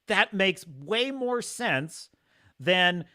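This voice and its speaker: A man hosting a live stream, reading viewer comments and ranting in an animated, laughing way. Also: high voice, very slow. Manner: animated, ranting, laughs often, mocks pronunciations. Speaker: host.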